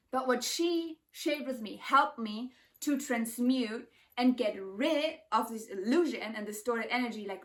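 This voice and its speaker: A woman's voice: fairly high pitch, fairly bright tone, distant mic. Intense, emphatic woman spiritual vlogger. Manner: emphatic, intense, heavy use of "like". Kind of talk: casual spiritual vlog talk.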